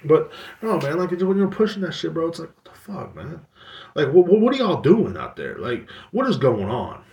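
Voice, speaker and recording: A man's voice: on the high side, very animated, moderate pace, a little mellow, distant mic. A man hosting a podcast, ranting in a casual, profane, blunt and rambling way. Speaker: podcast host. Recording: roomy echo, away from the mic.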